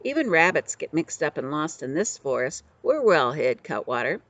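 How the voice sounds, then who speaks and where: A woman voicing a gruff, boastful male outlaw leader in a storybook reading, bossing everyone around in rough slang. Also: deep voice, big pitch swings, normal speed, no echo, full character voice. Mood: bossy. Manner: coarse old-fashioned slang, bossy.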